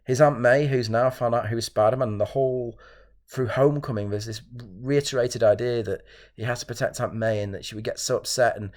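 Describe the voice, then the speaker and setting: A man's voice: medium pitch, steady tone, brisk, darkish tone. A man hosting his own channel, ranting solo to camera in an exasperated, repetitive way. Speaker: channel host reviewing films.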